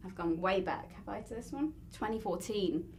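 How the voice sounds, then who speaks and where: A woman's voice: mid-range voice, animated, moderate pace, crowd noise. A woman interviewing guests in a casual, playful way, laughing often.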